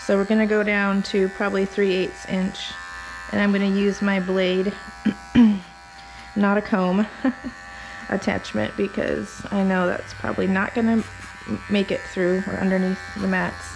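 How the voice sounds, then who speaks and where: Lady groomer chatting away while she works in her salon, lots of ums, mid-pitched voice, faint noise behind. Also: flat delivery, unhurried, creaky. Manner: chatty, rambling with fillers; soft sing-song when coaxing the dog. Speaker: dog groomer. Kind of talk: casual narration while working.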